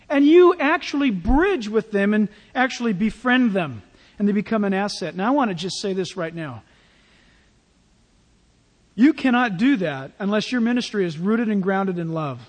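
A male pastor preaching a sermon in a church, in a conversational, animated way with playful asides. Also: high voice, moderate pace, big-room sound.

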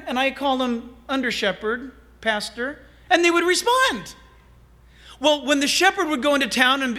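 A pastor preaches with a strikingly high, bright, ringing voice. His delivery is animated and humorous, with playful asides to his listeners.

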